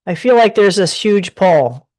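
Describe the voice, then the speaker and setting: A woman's voice: mid-range voice, animated, a little slow, darkish tone. A woman giving a casual live tarot reading from her desk at home, talking in a rambling, chatty way with many restarts. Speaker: tarot reader.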